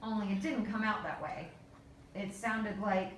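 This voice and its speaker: Woman narrator, storybook reading, very slow, measured, big echoey room, heard from far off. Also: mid-range voice, a little hiss or hum. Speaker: voice interpreter reading a story aloud.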